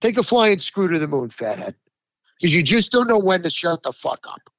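Ranting high-voiced sports talk man. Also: very animated, normal speed, a bit bright, dry recording. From New York area. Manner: ranting, profane, emphatic, heated. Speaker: sports talk podcast co-host. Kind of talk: heated sports talk chat. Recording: dry, muffled lo-fi sound.

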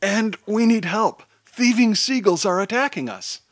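A man's voice: mid-range voice, expressive, unhurried, husky, no room sound. A man voicing a teenage boy superhero leader who talks in an urgent, exasperated way. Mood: desperate.

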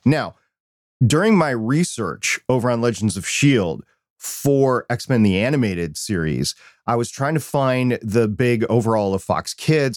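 A man co-hosting a geek podcast, reflecting in a relaxed, casual way. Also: fairly low pitch, no room sound, clean studio sound. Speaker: podcast co-host. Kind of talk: casual chat.

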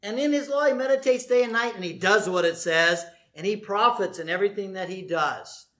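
A male pastor preaching a sermon in a lively, conversational way, often asking the congregation questions. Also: sits high, a little fast. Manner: animated, conversational, asks the audience questions.

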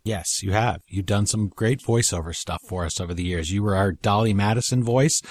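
A man's voice: fairly low pitch, fairly quick, a little mellow, no echo. A man hosting an interview show, chatty and encouraging as he draws out his guest. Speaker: show host. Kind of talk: conversational interview.

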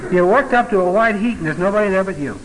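A man's voice: high-pitched, animated, quick pace, rough recording. Middle-aged guy doing a folksy bible talk, chatty, jokes around, faint hiss behind. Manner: conversational, joking asides, many fillers. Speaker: Bible teacher.

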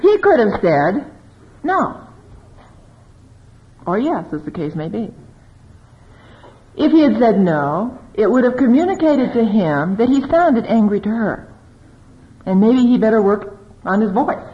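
A woman speaking to an audience about marriage, confiding and lively, acting out bits of dialogue as she tells stories. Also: a little high, measured pace. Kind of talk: talk to a live audience. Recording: dull lo-fi recording.

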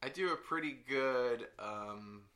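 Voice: mid-range voice, slow pace, fairly bright tone. A podcast co-host in casual banter, teasing and swearing freely. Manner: teasing, profane, laughing often.

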